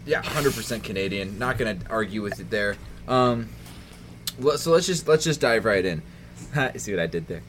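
A man, the fantasy league commissioner on a casual podcast, chatty and quick to laugh as he runs through the standings. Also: on the low side, animated, a bit bright, slight background noise.

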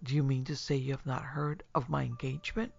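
A man voicing a hearty young male friend who talks in lively exclamations. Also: mid-range voice, a little fast, vocal fry, slightly rough. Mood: cheerful. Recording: dull lo-fi recording, faint music.

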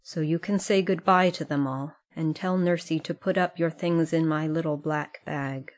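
A woman reading as a steady older schoolmaster. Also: deep voice, natural voice. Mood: firm. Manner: steady and measured. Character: firm, kindly older male schoolmaster.

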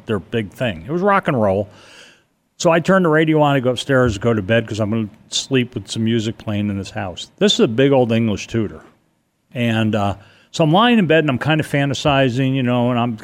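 An older man from Connecticut, telling a long personal story in a rambling, animated way, with many restarts. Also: mid-range voice. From Connecticut, USA. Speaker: guest telling a ghost story. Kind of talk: casual storytelling on radio.

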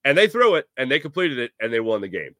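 A man's voice: mid-range voice, big pitch swings, fast, a bit bright, no room sound, clean studio sound. A man hosting a sports talk show, giving a rambling, jokey monologue with lots of fillers. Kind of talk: casual sports commentary monologue.

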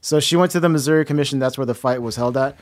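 A man's voice: medium pitch, racing. A man on a podcast, working as producer, recapping a news story step by step with hesitant fillers in casual chat.

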